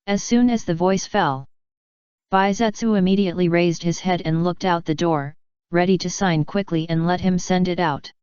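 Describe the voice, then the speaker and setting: A woman narrating a fan fiction audiobook in a steady, even reading. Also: lowish voice, normal speed, clear, resonant tone, dry recording, dull audio.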